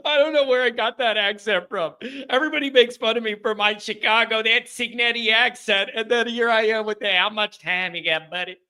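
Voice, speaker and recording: Male call-in host, high and bright voice, loose chatty sports-talk delivery. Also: steady tone, fairly quick, hardly any pauses, smooth. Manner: casual, chatty, laughs often.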